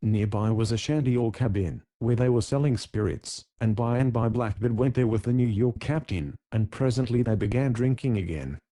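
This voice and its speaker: A man reading an audiobook in steady, measured scripted narration. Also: medium pitch.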